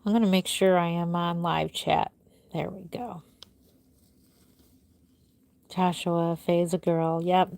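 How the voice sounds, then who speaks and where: A woman's voice: fairly low pitch, little pitch movement, slow pace, vocal fry, pauses often, a little mellow. Chatty woman doll artist on a livestream. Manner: chatty, reads out and answers viewer comments. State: tired, yawning. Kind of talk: casual livestream chat.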